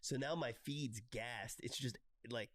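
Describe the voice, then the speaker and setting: A man's voice: medium pitch, a little slow, fairly bright tone, no echo, studio quality. A man telling rambling stories in casual chat on a voice call, laughing often and restarting his sentences. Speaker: streamer's call guest.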